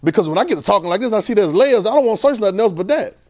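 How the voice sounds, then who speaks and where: Male preacher with a high voice, casual and animated delivery, repeats himself for emphasis. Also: rapid-fire. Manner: animated, repeats phrases, swings between loud and soft. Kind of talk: informal conversational sermon.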